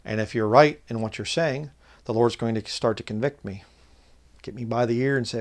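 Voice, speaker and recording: A man preaching informally online, reading scripture slowly and loudly, then talking casually with fillers. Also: mid-range voice. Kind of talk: informal Bible teaching.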